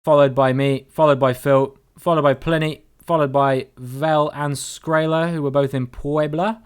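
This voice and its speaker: Chatty man with a smooth voice. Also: fairly high pitch, fairly even intonation, moderate pace. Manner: chatty and playful, greets viewers, swears casually. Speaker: streamer playing a geography guessing game with chat. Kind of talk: casual live-stream commentary.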